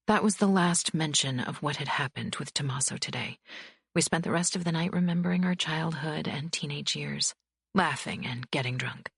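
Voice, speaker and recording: Low, husky woman narrating. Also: moderate pace, fairly bright tone, no echo, studio quality. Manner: low, husky first-person reading. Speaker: audiobook narrator. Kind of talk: scripted narration.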